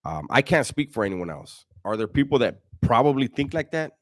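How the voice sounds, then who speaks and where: A man's voice: medium pitch, very animated, brisk, dry recording. Profane, slangy man livestreaming, dry sound. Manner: profane, slang-heavy storytelling, frequent restarts. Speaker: livestream host. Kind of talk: casual livestream chat reading viewer donations and comments.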